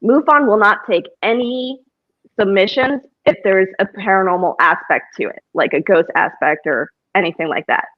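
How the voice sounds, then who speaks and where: A woman talks casually as a paranormal investigator, wandering through her points with frequent restarts. Her voice sits at a middle pitch. The audio is somewhat dull and lo-fi. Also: moderate pace, no room sound. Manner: rambling, with many restarts and fillers. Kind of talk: casual conversation on a podcast.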